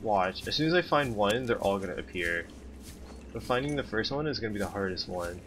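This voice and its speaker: Sarcastic streamer, low voice. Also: male voice, expressive, brisk, a bit bright, slight background noise. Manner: sarcastic, chatty, talks to chat. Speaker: game streamer. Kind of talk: casual gameplay commentary.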